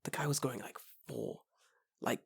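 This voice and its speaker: Animated young man telling stories. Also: moderate pace, creaky, slightly rough, dry recording, clean studio sound. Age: 20s. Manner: animated storytelling, acts out quotes in a high excited voice, swears freely. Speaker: podcast co-host. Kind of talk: casual chat.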